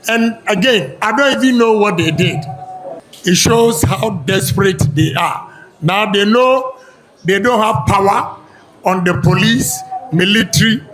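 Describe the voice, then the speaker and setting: A Ghanaian man giving a campaign speech, speaking deliberately and listing his points one by one. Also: sits high, fairly bright tone, slight background noise, low-quality recording. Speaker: politician.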